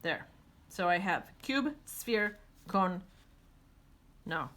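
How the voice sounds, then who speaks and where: Chatty woman teaching watercolor, lowish voice. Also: lively intonation, very slow, a bit bright. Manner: chatty, thinking aloud while painting. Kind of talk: painting demonstration.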